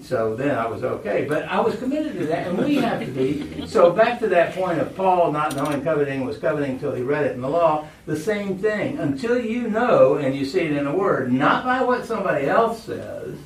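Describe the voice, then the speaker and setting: A man's voice: on the high side, sing-song, moderate pace, few pauses. A male pastor preaching a sermon, telling stories and asking his congregation questions. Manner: storytelling, asks the congregation questions. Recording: echoey room, voice from far off.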